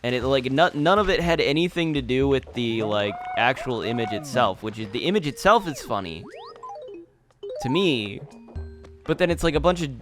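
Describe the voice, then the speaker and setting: A man's voice: medium pitch, normal speed, music in the background. A young man casually commentating over gameplay, rambling, restarting his sentences and laughing often. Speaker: gaming channel host.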